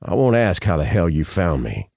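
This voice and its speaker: A man's voice: low-pitched, sing-song, moderate pace, creaky, a little mellow, dry recording, studio quality, exaggerated voice. A male narrator voicing a tough former special-ops leader who speaks in terse, slangy lines.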